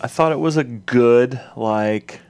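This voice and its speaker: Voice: mid-range voice, takes it slowly, darkish tone, clear, resonant tone. A podcast co-host in casual chat, dry and teasing, who sometimes steps in to address listeners.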